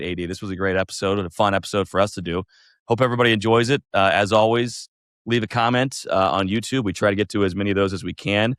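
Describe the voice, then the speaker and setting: A man with a fairly low voice talks hockey in a loose, friendly podcast chat. He restarts his phrases and chuckles along the way. The sound is dry and close, with no room echo. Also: fairly bright tone. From Indiana. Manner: chatty, laughs easily, repeats words. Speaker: podcast co-host. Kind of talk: casual sports talk.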